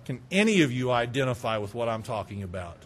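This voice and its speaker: A middle-aged male pastor preaching a sermon, animated, swinging between loud urging and quiet asides. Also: medium pitch, fast talker.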